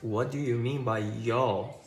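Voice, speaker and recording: Gruff puzzled male visitor played by a woman, deep put-on voice, roomy sound. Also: fairly even intonation, takes it slowly, darkish tone, soft background music.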